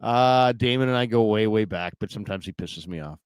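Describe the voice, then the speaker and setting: A man's voice: on the low side, fairly quick, smooth, dry recording. Chatty man hosting a solo stream. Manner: rambling, chatty, with fillers and restarts. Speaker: podcast host. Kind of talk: solo casual livestream chat.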